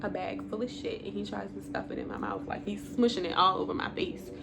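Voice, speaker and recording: A woman's voice: mid-range voice, huge pitch swings, a little fast, vocal fry, noisy background. Blunt, profane woman telling a story. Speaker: YouTuber telling a personal story. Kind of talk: storytime vlog.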